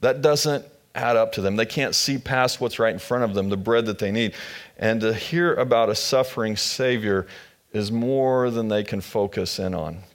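A man's voice: lowish voice, normal speed. A man preaching a sermon as pastor, retelling scripture in casual, conversational storytelling.

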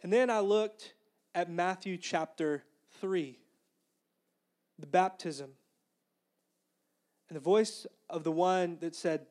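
A man preaching a sermon in a fairly high voice. He keeps it conversational and earnest, and slips into the inner voices he once heard. He sounds like a young pastor. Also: slow pace, pauses often, darkish tone. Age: young adult.

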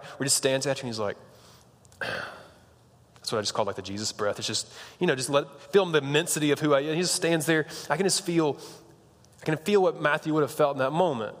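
A man's voice: fairly high pitch, a bit bright, in a large hall. A young man preaching a sermon in a casual, conversational way, with slang and frequent restarts. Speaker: pastor.

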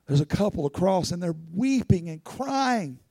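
A man's voice: high voice, very animated, moderate pace, mellow, breathy edge, dry recording, studio quality. A man preaching a sermon as pastor, telling personal stories earnestly and rising into fervent pleading.

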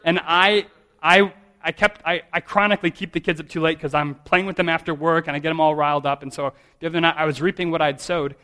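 A man's voice: fairly high pitch, steady tone, fast talker, pushed and bright. A man in his thirties, a pastor preaching a sermon in a conversational, self-deprecating way, often restarting his sentences.

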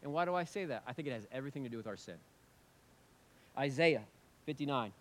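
A man, a pastor, preaching a sermon in a church, earnest and emphatic, swinging from loud urgent passages to quiet prayerful tones. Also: mid-range voice, animated, fast, pauses often. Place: church sanctuary with congregation.

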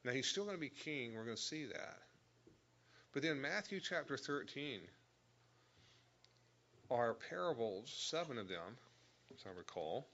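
A man's voice: mid-range voice, big pitch swings, unhurried, pauses often, sharp tone, dull audio. A man teaching a Bible lesson, explaining verse by verse and stressing key words. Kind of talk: sermon.

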